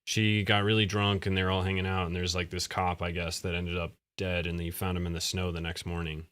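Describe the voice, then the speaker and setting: A man co-hosting a live stream, chatting casually and thinking out loud with self-deprecating asides. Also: low-pitched, little pitch movement, brisk, clear, resonant tone, dry recording. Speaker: co-host.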